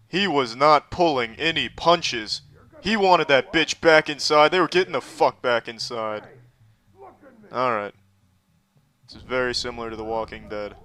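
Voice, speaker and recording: A man in his thirties giving deadpan, profanity-laced commentary while playing a game. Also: medium pitch, smooth. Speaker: streamer. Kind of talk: gameplay commentary.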